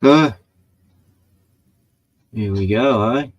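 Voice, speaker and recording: A man's voice: medium pitch, very slow, dull audio. A man livestreaming from his computer, talking hesitantly with lots of fillers. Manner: mumbling, hesitant. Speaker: streamer. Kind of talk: casual livestream chat. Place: indoors at a computer.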